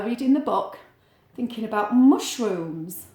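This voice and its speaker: A woman's voice: on the high side, moderate pace. A woman reading a picture book aloud to children, chatting playfully with a puppet between pages. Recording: roomy echo.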